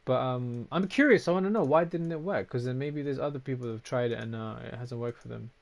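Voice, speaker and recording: A man's voice: medium pitch, quick pace, gravelly. A man streaming a game, chatting casually with his viewers, reading out and answering comments, with frequent swearing. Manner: casual, swears often, reacts to chat.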